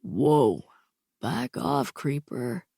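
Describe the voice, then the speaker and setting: A woman voicing a teenage boy with a deep, slightly gravelly voice, dry and teasing on the phone. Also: wildly swooping pitch, drawn-out words, dark tone, no room sound, heavily acted.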